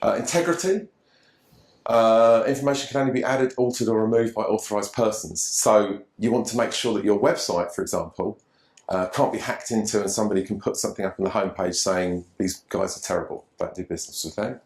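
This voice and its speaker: A man's voice: on the low side, brisk. A man gives a seminar talk on online safety to a live audience, casual and conversational, with frequent restarts. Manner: conversational, repeats words and restarts often. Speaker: presenter from an online safety group. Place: meeting room with live audience. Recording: echoey room.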